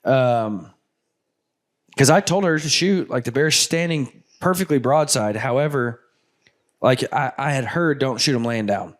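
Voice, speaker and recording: A man in a relaxed conversation, telling a hunting story with lively excitement. His voice sits at an ordinary middle pitch, and he speaks in loose, chatty phrases that are full of "like". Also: measured pace. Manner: animated, excitable retelling with lots of "like". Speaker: hunting show host. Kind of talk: casual storytelling with guests.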